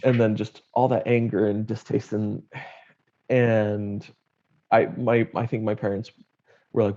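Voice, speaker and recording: A man's voice: lowish voice, flat delivery, a little slow, pauses often, warm tone. A young adult man candidly telling his personal story in an interview, wry and blunt, acting out what his family said. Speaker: guest sharing his story. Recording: dull lo-fi audio.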